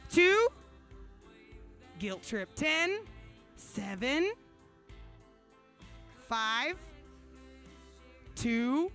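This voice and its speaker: A woman's voice: high voice, big pitch swings, extremely slow, long pauses, a bit bright, soft background music. A woman emceeing a live charity paddle auction, playfully hyping the crowd and calling out the bids. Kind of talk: live event hosting. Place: brewery event stage.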